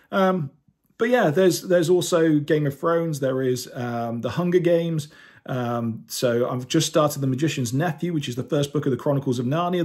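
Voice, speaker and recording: A rambling, self-deprecating man speaks to camera in a casual, earnest rant. His voice is a little husky and sits fairly high for a man. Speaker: audiobook narrator and YouTuber; teacher.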